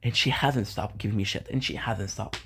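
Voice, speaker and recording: A man's voice: on the low side, normal speed, vocal fry, background noise. An upset man venting about his neighbors in a home vlog, repeating himself and swearing. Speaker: content creator. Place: home balcony.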